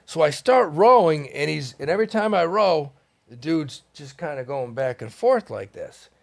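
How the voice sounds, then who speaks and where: A man telling a long story as a podcast guest, animated and profane, laughing as he goes. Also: on the high side, moderate pace, vocal fry, no echo. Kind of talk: casual storytelling. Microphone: studio mic.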